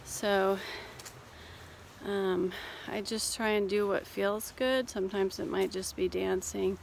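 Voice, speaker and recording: Woman coach, casual walking vlog, unhurried and soothing, slight fry, phone mic outdoors. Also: mid-range voice, steady tone, slight background noise. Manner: gentle, reassuring, unhurried. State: a little out of breath. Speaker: life coach and therapist. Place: outdoors on a cold hill walk.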